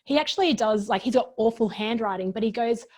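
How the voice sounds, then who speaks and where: A woman who runs workshops, a guest on a chat show, telling stories earnestly in quick bursts. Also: fairly high pitch. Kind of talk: casual interview chat.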